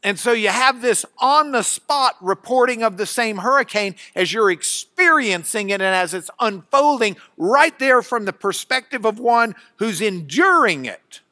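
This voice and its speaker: A man's voice: high voice, expressive, a little slow, hardly any pauses, bright, forceful tone, dry recording, studio quality. A man teaching a Bible class, folksy and chatty, with asides and restarts. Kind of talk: classroom lecture.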